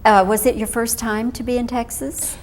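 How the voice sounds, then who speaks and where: A woman interviewer asking questions in a friendly, measured way in an old TV interview. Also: level tone, darkish tone. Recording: old TV interview with faint noise and rumble.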